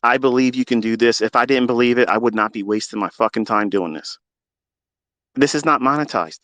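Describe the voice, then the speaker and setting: A man with a medium-pitched, slightly bright voice talks a little fast into his phone, with no room sound. As a trading mentor on a live audio stream, he delivers a fervent, preachy monologue, blunt and swearing freely.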